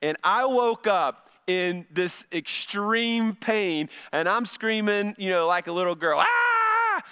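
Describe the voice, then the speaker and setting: A man's voice: high voice, slow, few pauses, fairly bright tone, clear, resonant tone. A middle-aged male pastor giving a conversational sermon, often repeating words as he starts a phrase.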